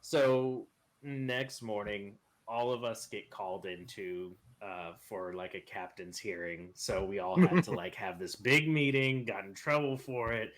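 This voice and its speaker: Man, bright tone, casual storyteller, animated, chatty. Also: on the low side, a little slow. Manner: animated, laughing through his own story. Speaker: podcast panelist.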